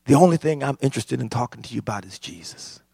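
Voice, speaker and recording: A man preaching a sermon, impassioned and building to shouts. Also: mid-range voice, animated, fast, creaky, breathy edge, dry recording, clean studio sound. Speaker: pastor.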